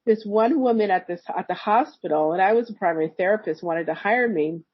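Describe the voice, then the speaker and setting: A woman's voice: mid-range voice, fairly quick, breathy edge, no room sound, muffled recording. A woman, a therapist and energy healer, guesting on a podcast and telling stories animatedly, acting out the dialogue. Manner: animated storyteller who acts out quoted dialogue. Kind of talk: casual storytelling interview.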